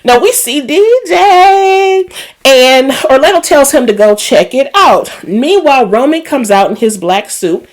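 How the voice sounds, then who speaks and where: A woman's voice: sits high, a little slow. A woman hosting a casual TV episode recap, chatty and emotional, with a Black lilt. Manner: chatty and animated, emotional asides. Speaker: recap host.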